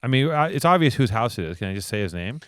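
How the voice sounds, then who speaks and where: A man's voice: mid-range voice, very animated, fast talker, fairly bright tone, no room sound, clean studio sound. A man co-hosting a podcast, telling stories in a joking, teasing way and swearing freely. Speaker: podcast co-host. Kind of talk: casual chat.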